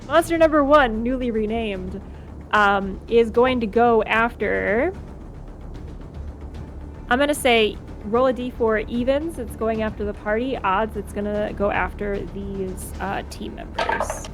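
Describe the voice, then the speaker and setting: A woman's voice: fairly high pitch, measured pace, soft background music. Woman running a tabletop game. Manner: explains rules while thinking aloud. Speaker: dungeon master.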